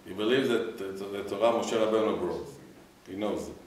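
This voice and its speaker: A man's voice: on the low side, moderate pace, a little mellow, slight background noise. A man, a rabbi, giving a Torah class and quizzing his students, mixing in Hebrew phrases. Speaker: rabbi teaching a weekly class. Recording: echoey room, mic far off.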